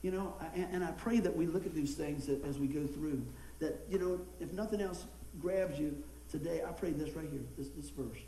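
A middle-aged man delivers a folksy, storytelling sermon in a high voice. He is recorded from some distance in an echoey church room, with faint ambient noise behind him. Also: normal speed, few pauses. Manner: folksy storytelling, laughing, animated. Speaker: pastor.

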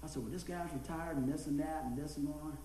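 A man's voice: fairly high pitch, quick pace, a little hiss or hum. A middle-aged man preaching a sermon, telling folksy stories and laughing along the way. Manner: folksy storytelling, laughing, animated. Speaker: pastor. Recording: echoey room, mic at a distance.

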